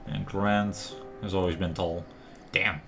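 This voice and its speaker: A man's voice: sits low, level tone, slow pace, gravelly, over music. A man casually commenting and joking over a video game as a streamer. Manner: chatty, joking, laughs often.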